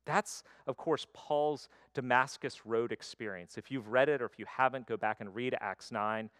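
A man preaching a sermon, swinging between loud emphasis and quiet, intimate stretches. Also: medium pitch, normal speed, smooth, dry recording. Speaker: pastor.

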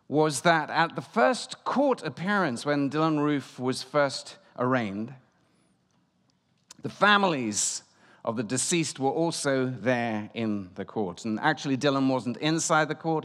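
A man giving a sermon as guest preacher, telling a story and swinging between loud and hushed delivery. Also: mid-range voice. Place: church. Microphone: room microphone. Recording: long church reverb.

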